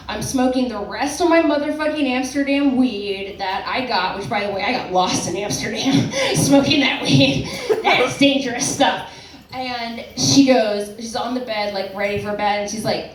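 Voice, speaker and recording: A woman's voice: a little high, normal speed, a little hiss or hum. A young woman performing a stand-up comedy set, rambling and self-deprecating, with a lot of "like" and "um". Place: comedy club stage. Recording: roomy club sound from a distance. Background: audience laughter.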